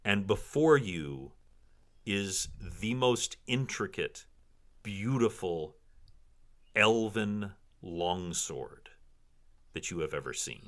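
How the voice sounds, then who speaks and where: A man's voice: lowish voice, takes it slowly, long pauses. A man narrating a tabletop fantasy game as dungeon master, telling the scene with dramatic flair. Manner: animated, dramatic storytelling.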